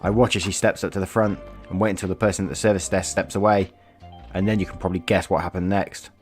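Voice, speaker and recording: A man's voice: sits low, steady tone, quick pace, faint music behind. A man hosting a channel, reading viewer stories aloud in a casual, chatty way, laughing often and swearing freely. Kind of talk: casual read-aloud storytelling with commentary.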